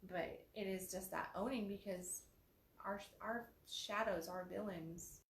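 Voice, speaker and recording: A woman hosting a casual talk on self-development, animated and often acting out quoted phrases in different voices. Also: mid-range voice, a little slow, a little hiss or hum. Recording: echoey room.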